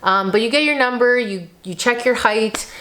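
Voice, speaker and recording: A woman's voice: on the high side, moderate pace, a bit bright. A woman in her thirties talking casually to the camera in a vlog, chatty and emotional, often saying "like". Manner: chatty, emotional, uses lots of "like". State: tearful, on the verge of crying. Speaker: vlogger.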